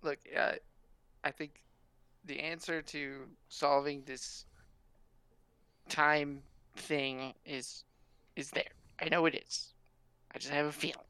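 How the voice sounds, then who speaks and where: A man's voice: a little high, flat delivery, slow, pauses often, pushed and bright, clean tone, dry recording. A man playing a tabletop game, speaking earnestly and thoughtfully in character.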